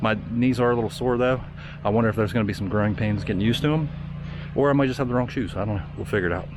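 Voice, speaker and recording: Fast-talking man, unsure, vlogging outside. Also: lowish voice. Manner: unsure, thinking out loud. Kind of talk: casual vlog talk to camera. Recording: outdoor noise behind the voice.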